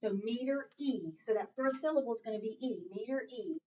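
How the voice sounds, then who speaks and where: A woman patiently leads a small group of children through call-and-response reading drills in a classroom. Her voice is a little high, a little fast and dark in tone. The recording is distant and muffled.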